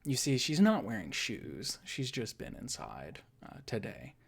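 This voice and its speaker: A woman running a tabletop game as dungeon master, setting scenes in slow descriptive narration. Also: very deep voice, wildly swooping pitch, gravelly, slightly rough.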